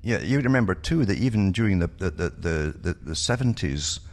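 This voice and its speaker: A man's voice: low-pitched, expressive, brisk, a little mellow. An older man, a radio guest, telling stories from his past in a knowing, matter-of-fact way. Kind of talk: conversational radio interview.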